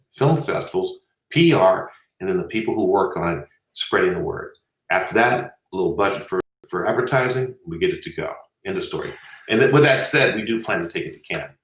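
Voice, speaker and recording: A low-voiced man telling stories and giving advice in a blunt, animated, jokey way. His voice sits back from the mic in an echoey room. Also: a little fast, distant mic. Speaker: film festival co-founder, guest. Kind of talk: casual interview storytelling.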